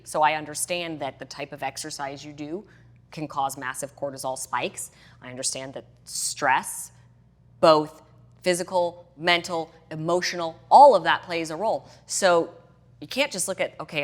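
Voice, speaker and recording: A woman's voice: deep voice, normal speed. A middle-aged woman, a fitness and hormone health coach, chatting as a podcast guest and animatedly acting out her own past reactions. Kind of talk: casual podcast interview.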